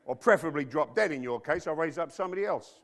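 A man voicing God as an exasperated, impatient figure scolding grumblers, loud and sarcastic. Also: fairly high pitch, expressive, quick pace.

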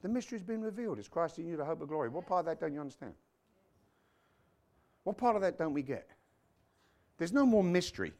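A man's voice: fairly high pitch, very animated, fast talker, pauses often, a little mellow. A man preaching a sermon to his congregation, quoting scripture, dropping muttered asides and joking with the people in front of him. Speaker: pastor.

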